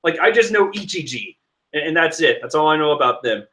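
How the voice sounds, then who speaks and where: A man's voice: fairly high pitch, expressive, brisk, pushed and bright. A man casually reading through a comic chapter aloud, joking and sarcastic with frequent laughs. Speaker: manga reader commentator.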